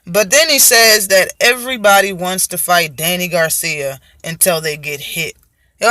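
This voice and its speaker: A man's voice: high-pitched, sharp tone, no room sound, clean studio sound. A man hosting his own show, giving casual, heated commentary on boxing with a profane, mocking manner.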